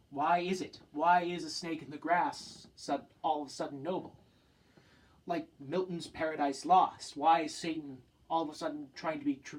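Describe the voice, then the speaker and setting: A young male student gives an earnest, impassioned talk to a professor, packed with rhetorical questions. His voice is on the high side, captured by a distant mic with poor audio.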